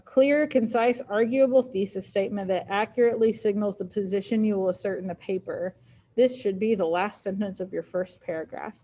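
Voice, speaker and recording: Woman, Southern US accent, teacher, casual classroom talk, relaxed filler-heavy delivery, mid-pitched voice. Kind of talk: classroom instruction.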